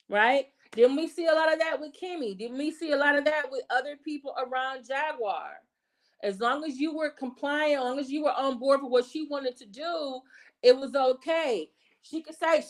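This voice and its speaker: A woman's voice: high-pitched, moderate pace. Emphatic woman ranting on her channel. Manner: emphatic, repeats "okay" and "right", acts out quoted voices. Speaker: channel host. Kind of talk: casual commentary monologue.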